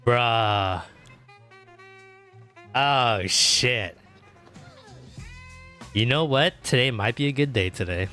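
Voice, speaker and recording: A male streamer with a bright, sharp voice chats loosely while he plays, piling up fillers and restarts and swearing freely. Every so often he breaks into loud, excited outbursts. Faint music plays underneath. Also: medium pitch, drawn-out words, long pauses. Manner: bursts into loud excited exclamations. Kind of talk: casual livestream chat while gaming.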